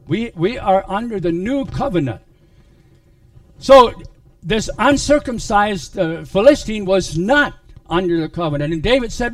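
A man preaching a sermon, retelling a Bible story in a halting way with many restarts. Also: high-pitched, expressive, a bit bright, no room sound, distant mic.

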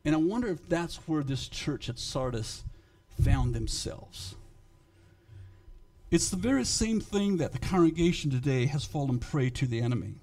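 A man preaching a sermon to his congregation, emphatic and swinging in loudness, halting and repeating words when he speaks off the cuff. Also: fairly high pitch, big pitch swings. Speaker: pastor.

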